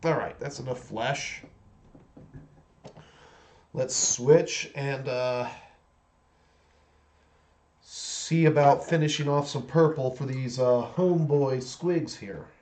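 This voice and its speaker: A man's voice: mid-range voice, slow pace, pauses often, a little mellow. A man in his forties chatting casually on a livestream while painting miniatures, rambling along with many restarts.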